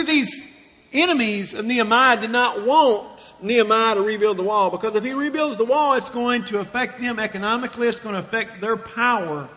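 High, bright-voiced man preaching. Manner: slow, emphatic, drawn-out phrasing. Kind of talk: sermon. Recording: long hall reverb.

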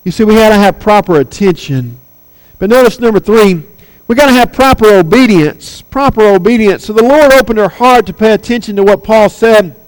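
A man's voice: high voice, poor audio. A man preaching a sermon, earnest and emphatic, pressing hard on his key points.

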